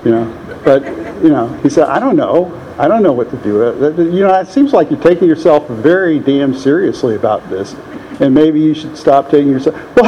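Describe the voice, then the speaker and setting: A man's voice: a little high, mellow, a little hiss or hum. An older man telling a rambling, self-deprecating personal story at a meeting, chuckling often. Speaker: meeting speaker. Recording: dull lo-fi room recording.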